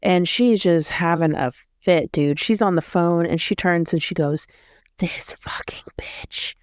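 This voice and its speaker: Woman vlogger rambling thru a story, smooth lowish voice, self-correcting. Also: normal speed, no echo, studio quality. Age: adult. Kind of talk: casual storytelling.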